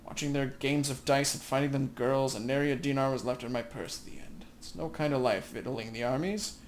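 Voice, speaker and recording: A man's voice: mid-range voice, a little fast, a little hiss or hum, close to an everyday voice. A man voicing an older woman camp follower from a video game, in a brash, folksy put-on voice, with faint ambience behind him.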